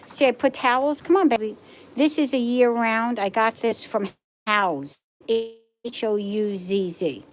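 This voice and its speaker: A woman's voice: fairly high pitch, takes it slowly, a little hiss or hum. A middle-aged woman chatting casually on a live stream at home, rambling and cooing to her dogs. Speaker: vlogger and pet rescuer. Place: home, indoors with pets.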